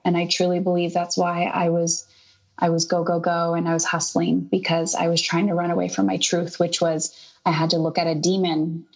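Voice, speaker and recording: As an interview guest on a podcast, a woman in her thirties speaks in a lowish voice over lo-fi sound. She's an animated storyteller, recounting a personal story casually and voicing herself and others vividly.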